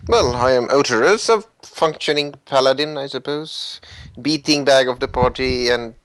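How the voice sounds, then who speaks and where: A man's voice: medium pitch, moderate pace, fairly bright tone, no room sound, low-quality recording. A man casually playing a paladin in a tabletop game, dry and understated. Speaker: player. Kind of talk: casual tabletop role-play.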